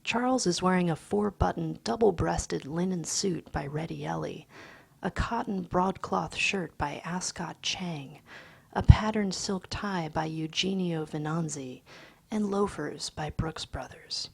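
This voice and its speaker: Woman reader, hushed and half-whispered, very gravelly, unhurried pacing. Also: on the low side. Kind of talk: literary reading of a novel excerpt.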